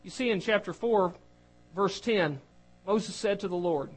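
A man's voice: high voice, unhurried, breathy edge, faint music behind, poor audio. A man preaching an earnest sermon, reading scripture and acting out quoted speakers. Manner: earnest, acts out quoted voices, varies loudness.

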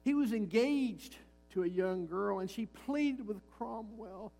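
A man's voice: high-pitched, slow pace, gravelly, few pauses, warm tone, faint music behind, poor audio. A male pastor preaching a sermon, emphatic and repeating his key lines, with frequent rhetorical questions to the congregation.

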